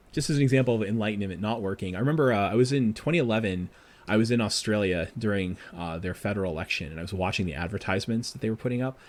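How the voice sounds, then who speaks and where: Fast-talking low-voiced male professor. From Boston area. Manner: fast, animated explaining with quick asides. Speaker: guest, professor. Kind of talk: podcast interview answer.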